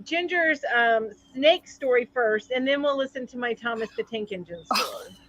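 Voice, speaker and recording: A woman's voice: a little high, expressive, moderate pace, fairly bright tone, muffled recording. A woman co-hosting a casual podcast chat on a video call, chatting and reading viewer comments aloud. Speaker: podcast co-host. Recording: noisy call audio.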